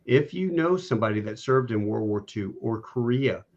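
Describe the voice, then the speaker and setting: A man's voice: mid-range voice, animated, moderate pace, darkish tone, lo-fi sound. A man hosting a podcast, chatting in an easygoing, rambling way. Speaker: podcast host. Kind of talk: casual conversation.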